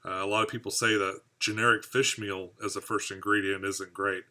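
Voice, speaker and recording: Man from the US, fish-keeping live stream host, rambling casual chat, fairly low voice, very bright tone. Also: level tone, brisk. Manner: rambling, chatty, answering viewer comments. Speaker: aquarium hobby channel host.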